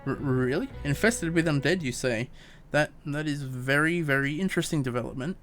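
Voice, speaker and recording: A man's voice: a little high, moderate pace, a bit bright, faint music behind, close to an everyday voice. A man reading game dialogue aloud as a fussy, long-winded young woman scholar, stumbling over words. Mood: prim.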